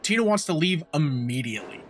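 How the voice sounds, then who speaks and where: Animated, cursing male podcast co-host. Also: fairly high pitch, fairly quick. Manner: profane, animated storytelling recap. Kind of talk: casual podcast movie recap.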